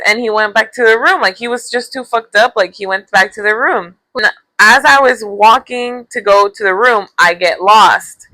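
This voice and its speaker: A woman's voice: fairly high pitch, pushed and bright, dry recording, low-quality recording. A young woman co-hosting a podcast, telling a story in casual chat, swearing freely and slipping into Spanish. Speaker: podcast co-host.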